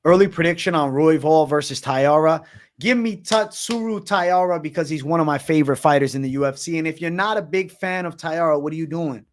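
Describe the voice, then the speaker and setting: A man's voice: a little high, brisk. A man in his twenties hosting a casual livestream, hyped and profane, heavy on slang. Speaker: livestream host.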